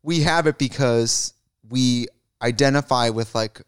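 A man co-hosting a casual comedy podcast, campy and jokey, often swooping into silly high voices. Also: a little slow, clear, resonant tone, no room sound, clean studio sound. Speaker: podcast co-host.

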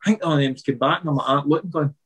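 Animated Scottish man telling a story. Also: on the high side, racing, husky, rough recording. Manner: animated anecdotal, acts out quotes, swears freely. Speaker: guest, former footballer. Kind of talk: casual storytelling chat.

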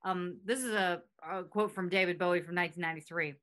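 A woman's voice: fairly low pitch, steady tone, quick pace, fairly bright tone. A woman hosting a podcast in casual chat, reading out facts and quotes with chatty asides. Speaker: podcast host.

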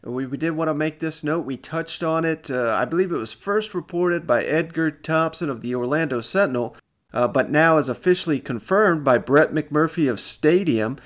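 A man hosting a casual sports podcast, upbeat and quick to laugh. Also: a little high, fairly bright tone. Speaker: podcast host.

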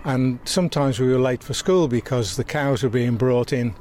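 Outdoors by a church in an English town, an older man with a mild Southwest Lancashire accent reminisces in a casual interview, stumbling and repeating words as memories come back. His voice is mid-range and darkish at a normal speed, with slight background noise.

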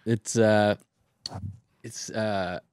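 A man co-hosting a podcast, a comedian telling a gig story in a relaxed, casual way. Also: on the low side, very slow, smooth, dry recording, studio quality. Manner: relaxed storyteller, backchannels a lot. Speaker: stand-up comedian, podcast co-host. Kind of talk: casual chat.

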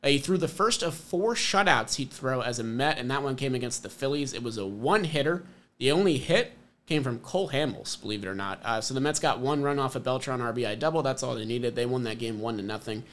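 A man's voice: medium pitch, animated, a little fast, fairly bright tone. A man hosting a podcast, leading segments in an enthusiastic, chatty way. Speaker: podcast host. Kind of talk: casual chat.

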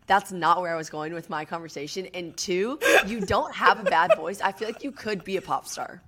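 A woman hosting a podcast, chatting casually with a friend, hoarse with vocal fry, teasing and swearing freely. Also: lowish voice, normal speed, fairly bright tone. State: hoarse, losing her voice. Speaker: podcast host. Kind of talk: casual chat between friends.

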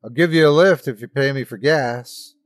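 A man's voice: mid-range voice, normal speed, close to an everyday voice. A man voicing a big, blunt, folksy hunter driving a truck. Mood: gruff.

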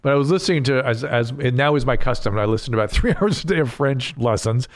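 A man's voice: medium pitch, expressive, fast, dry recording. A man hosting a casual podcast chat as a physician, explaining things in a lecturing way. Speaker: host and physician.

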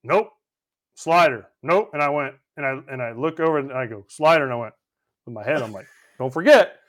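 A man telling animated, profane stories in a casual podcast chat, acting out the quotes. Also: medium pitch, brisk. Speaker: podcast co-host and former teammate.

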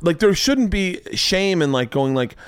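A man in his forties hosting a podcast, loud and animated, swearing and acting out quotes as he tells stories. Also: unhurried, clear, resonant tone, dry recording, studio quality. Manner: loud, animated, swearing, acts out quotes with big pitch jumps. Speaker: podcast host. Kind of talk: casual chat, storytelling.

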